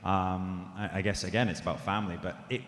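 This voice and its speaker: A man's voice: sits low, little pitch movement, fairly quick. Chatty man, echoey convention hall. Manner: enthusiastic, chatty. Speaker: actor on a panel. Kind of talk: casual panel talk.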